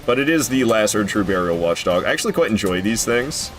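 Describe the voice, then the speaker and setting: A man's voice: lowish voice, animated, fairly quick, faint music behind. A man streaming a video game, chatting casually and drifting into profane rants between fights. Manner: rambling, swears freely, goes off on rants. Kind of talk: casual gameplay commentary.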